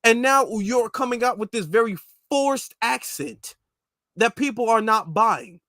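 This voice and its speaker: A man's voice: very high voice, animated, measured pace, fairly bright tone, dry recording. A man giving opinionated commentary on a close mic, talking in an incredulous, repetitive, ranting way. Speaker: commentary vlogger.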